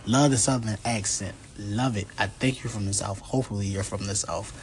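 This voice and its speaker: A man's voice: lowish voice, steady tone, fairly quick, a little hiss or hum. A man from Philadelphia leaving an effusive, rambling voicemail for a podcast host, full of fillers. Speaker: caller.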